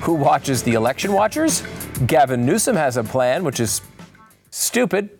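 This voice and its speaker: Tired gravelly male political host. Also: a little high, moderate pace, over music. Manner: rambling, self-interrupting, animated asides. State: tired, voice a bit shot. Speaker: show host. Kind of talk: political commentary monologue.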